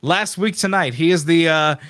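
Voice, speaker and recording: A man's voice: fairly high pitch, normal speed, a bit bright, clean tone. A man co-hosting a casual show chat, enthusiastically plugging upcoming episodes. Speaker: co-host.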